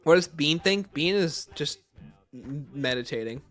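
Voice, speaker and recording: Lively, bright-voiced male streamer. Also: a little high, measured pace, faint music behind. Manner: reads viewer chat aloud and answers with blunt opinions. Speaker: livestream host. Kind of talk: casual livestream chat.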